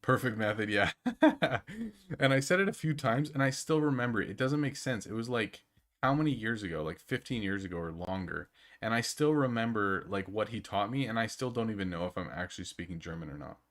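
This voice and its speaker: A young man with a lowish voice chats casually with his stream audience, rambling along and often laughing at himself. He speaks into a desk microphone. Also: lively intonation, brisk, fairly bright tone. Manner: laughing, rambling, self-deprecating. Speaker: game streamer. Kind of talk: casual live-stream chat.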